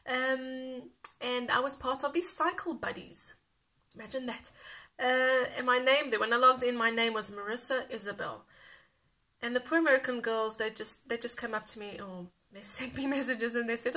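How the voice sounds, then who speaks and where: A woman's voice: a little high, normal speed, bright, forceful tone. A woman from South Africa with a light South African accent, chatting casually and rambling in a craft vlog, laughing often. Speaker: craft YouTuber.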